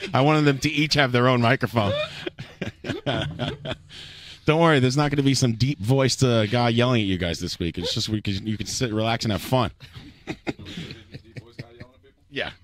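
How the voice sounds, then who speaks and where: A man's voice: mid-range voice, moderate pace, long pauses, slight background noise. A man hosting a casual talk show, rambling and laughing often. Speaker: podcast host. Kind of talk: casual chat.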